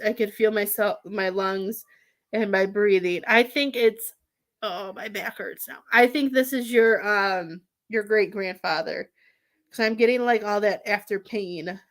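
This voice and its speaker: Woman, psychic medium, somewhat high voice, halting and rambling live reading. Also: fairly bright tone. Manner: halting, rambling with many restarts.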